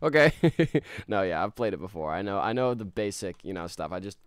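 A chatty male streamer playing a game live, laughing often and reading out chat messages. His voice bounces around lively in pitch, and the sound is dry and close. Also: fairly quick, clean tone, no room sound. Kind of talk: casual live-stream chat while gaming.

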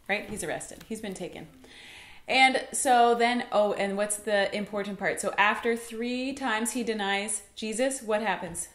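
A woman's voice: fairly high pitch, unhurried, fairly bright tone. A young woman teaching a Sunday school lesson at home, telling the story with playful voices. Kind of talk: children's Bible lesson. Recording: echoey room.

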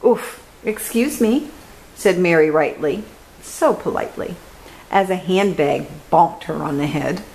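A woman hosting a children's reading show, reading a picture book aloud in a gentle, careful way. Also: sits low, a little slow, gravelly, rough recording. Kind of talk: storybook read-aloud.

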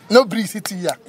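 A man with a Nigerian accent performing a comedy skit, talking boastfully and breaking into panicky shouting. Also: high-pitched, a little hiss or hum.

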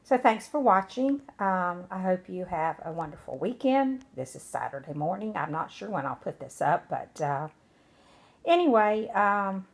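An older woman showing her craft project in a casual vlog, chatty and unhurried with frequent fillers. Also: mid-range voice, very animated. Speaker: craft vlogger. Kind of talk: casual craft show-and-tell. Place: away from her home craft room.

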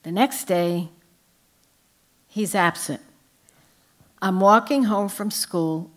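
A woman's voice: mid-range voice, slow pace. An older woman, an author, telling humorous anecdotes on stage at a live event. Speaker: author guest at a book festival. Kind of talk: storytelling on stage.

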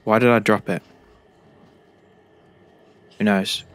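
British guy narrating his playthrough, low-ish voice, jokey and chatty with the characters. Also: little pitch movement, slow pace. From Britain. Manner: jokey, talks to the game characters. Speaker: gaming YouTuber. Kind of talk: game commentary.

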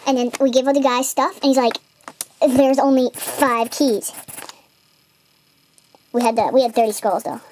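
A woman's voice: fairly high pitch, fairly even intonation, fast talker, hardly any pauses, a little mellow, a little hiss or hum. A teenage girl casually retelling an online game session while drawing, rambling with many fillers and restarts. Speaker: video maker retelling a game.

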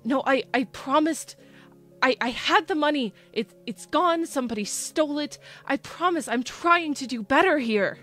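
Lady doing a broke guy begging, stuttering, kinda high and loud, faint music behind. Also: animated, normal speed. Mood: pleading. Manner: pleading, stammering. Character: desperate ashamed man in debt.

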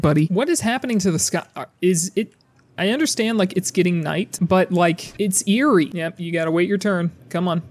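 A man giving sarcastic, profane commentary while playing a game, often yelling at the game characters. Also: high-pitched, normal speed, no room sound. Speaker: gaming YouTuber. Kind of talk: casual gameplay commentary.

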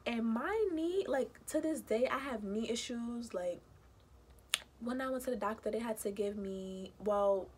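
A young woman with a high, bright-pitched voice tells a personal story straight to her viewers. She talks in a lively, indignant way and acts out the people in it. A faint hiss of noise sits under the recording. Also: a little slow. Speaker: vlogger. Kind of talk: casual storytime.

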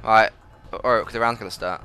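Loud, fast gamer guy. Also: on the low side. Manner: loud, excitable, swears a lot, repeats words in bursts. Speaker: gamer host. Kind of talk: live multiplayer gameplay commentary.

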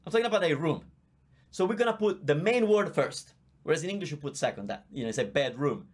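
Speaking fast with an expressive, slightly rough, fairly high voice, this Italian-accented man teaches his native language in a live online Q&A. Patient in his explanations, he chats and reads out viewer comments, a microphone in view.

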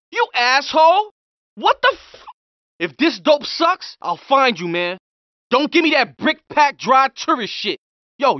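Loud slangy street crook, high swingy voice, dull lo-fi game audio. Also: male voice, no echo, exaggerated voice. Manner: slangy trash talk, threatening. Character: young male street criminal, brash and hostile. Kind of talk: game pedestrian voice lines.

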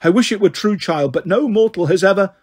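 A man's voice: high voice, fairly quick, darkish tone, husky. A man voicing a haughty, commanding queen goddess who speaks with scorn. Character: haughty imperious queen goddess, female, ancient.

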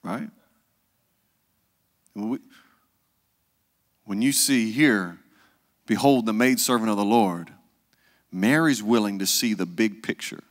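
Pastor preaching in a reverberant hall. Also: male voice, lowish voice, takes it slowly, long pauses. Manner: conversational preaching, acts out quoted voices, drops to hushed tones. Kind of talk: sermon.

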